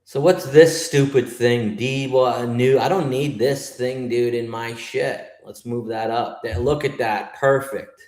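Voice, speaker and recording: A man's voice: medium pitch, fairly even intonation, measured pace, hardly any pauses, a little mellow, roomy sound. A man from New York hosting a live trading stream, griping and swearing as he talks to his chat. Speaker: livestream trader host.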